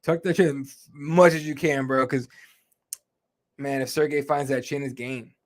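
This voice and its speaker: A man's voice: medium pitch, steady tone, a little slow. A man chatting casually as the host of a live fight talk show. His talk is loose and conversational, full of fillers, and he swears freely. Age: adult with kids. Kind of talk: casual chat.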